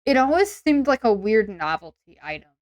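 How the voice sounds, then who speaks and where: Woman, streamer, casual rambling chat, smooth voice, dry close sound. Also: on the high side, sing-song, moderate pace, dry recording. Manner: chatty and rambling, many "like" and "um" fillers.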